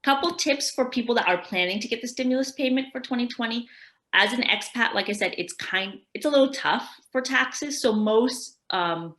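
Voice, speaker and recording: A woman's voice: a little high, normal speed, a bit bright, reverberant. A woman tax advisor giving a casual workshop presentation, explaining in a chatty, rambling way.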